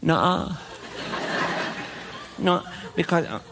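A sly little girl fibbing her way out of bedtime, as a comedian puts her on, whining and dragging out every word. Her pleas come slow and stretched. The room behind is noisy and live. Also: a little high, expressive, gravelly, pitched below the performer's own voice, heavily acted. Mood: whiny stalling. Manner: whiny, drawn-out pleading.

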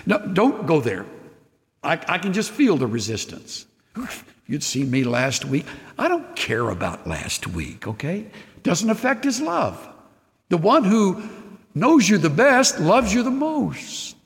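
Older guy pastor preaching, earnest, goes quiet and soft, reverb-y hall. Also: high voice, sing-song, unhurried. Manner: earnest and intimate, drops to near-whispers. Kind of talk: sermon.

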